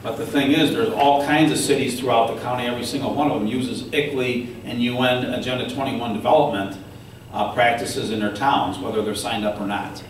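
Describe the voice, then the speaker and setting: A man's voice: mid-range voice, fairly quick, far from the mic, a little hiss or hum. A man telling stories at a political forum, acting out officials as he quotes them. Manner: animated storytelling, acts out quoted officials. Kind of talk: speech to an audience. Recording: very echoey room recorded from afar.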